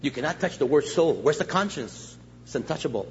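An older male guest pastor preaching a sermon with jokes and stories, animated and laughing at his own lines. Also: fairly high pitch, brisk. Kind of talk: humorous storytelling sermon. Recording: echoey church hall, dull muffled sound, faint hiss.

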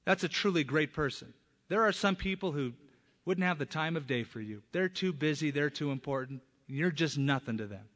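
A man preaching a sermon as pastor, speaking emphatically and punching up key words with loud stresses. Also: on the high side, animated, fairly quick. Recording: long hall reverb.

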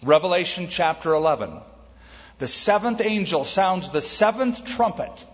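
A man's voice: high voice, animated, moderate pace, long reverb tail, lo-fi sound. Man preaching a verse-by-verse sermon. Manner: teaching with questions and lists. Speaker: pastor.

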